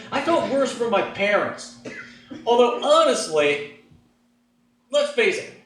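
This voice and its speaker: A stand-up comedian speaks from a stage with an audience around him, his voice fairly high and swinging widely as he acts out the voices in his head. He takes his time with the delivery. The sound is distant and bounces around a big, echoey hall. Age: adult, looking back on his teens. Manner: animated, acts out inner voices with big pitch jumps. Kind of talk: stand-up storytelling. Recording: echoey hall, mic from far off.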